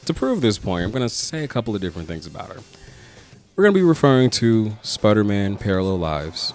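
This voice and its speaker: Young man, very low voice, casual joking narration, comic book essay host, soft music underneath. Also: sing-song, brisk. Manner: casual, joking, swears freely. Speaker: podcast host.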